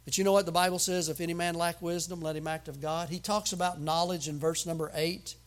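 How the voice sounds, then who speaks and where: High-voiced emphatic preacher man. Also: flat delivery, fast. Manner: emphatic preaching with sudden loud outbursts and humor. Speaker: pastor. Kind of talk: sermon.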